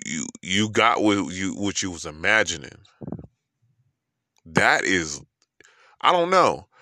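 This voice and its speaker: A man's voice: on the low side, sharp tone, no room sound, clean studio sound. A man with a New York accent ranting about love in a profane, emphatic monologue full of rhetorical questions.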